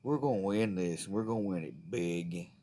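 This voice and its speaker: A man's voice: deep voice, normal speed, mellow. A man delivering a profane, fired-up, rambling political rant to the camera. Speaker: vlogger.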